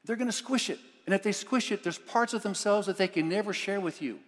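A man's voice: high voice, a little fast. A male pastor giving a conversational, enthusiastic sermon with many restarts, recorded in a church. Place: church sanctuary. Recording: long reverb of a church hall.

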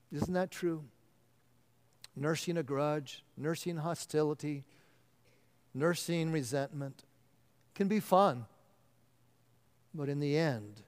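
A male pastor delivering an earnest sermon, often dropping to a hushed voice to stress a point. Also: fairly high pitch. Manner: earnest, drops to a hushed voice for emphasis. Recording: long reverb of a large hall.

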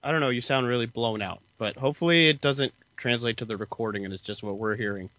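A man's voice: medium pitch, fast talker, bright, forceful tone, dry recording. A man co-hosting a casual podcast, explaining TV episode plot and acting out characters' lines. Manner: explanatory, retells scenes with quoted lines. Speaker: podcast co-host. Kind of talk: casual chat recapping a TV episode. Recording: dull lo-fi dry mic.

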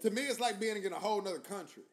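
A man's voice: sits high, very fast. A man hosting a podcast, telling loose, profane stories in casual chat. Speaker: podcast host.

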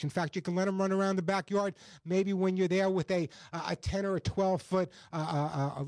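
A man hosting a call-in pet advice radio show, talking fast and energetically and sometimes repeating words as he goes. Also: high voice, darkish tone, dry recording. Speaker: radio pet show host and dog trainer. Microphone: studio microphone.

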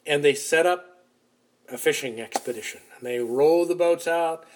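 A man preaches, retelling scripture as a vivid story. His voice sits fairly high for a man and moves between loud and quiet, with quick runs and slowed, stressed words. He sounds like he is leading a congregation through the account. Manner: animated storytelling, shifting loudness, acts out quotes. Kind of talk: sermon retelling a Bible story.

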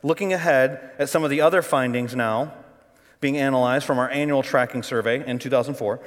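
A middle-aged male pastor preaching a sermon, telling the story dramatically and shifting between loud bursts and hushed, quiet passages. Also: mid-range voice, a little fast. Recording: long hall reverb.

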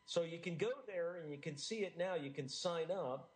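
A middle-aged man from the United States, an author being interviewed, talking in an earnest, animated way with frequent restarts. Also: a little high, normal speed, rough recording. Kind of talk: enthusiastic interview talk.

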